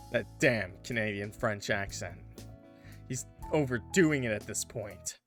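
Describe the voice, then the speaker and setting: A man's voice: fairly low pitch, expressive, unhurried, a bit bright, soft background music. A man reading a visual novel aloud with playful, joking asides to his chat. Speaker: gaming YouTuber. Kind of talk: casual let's-play commentary and reading aloud.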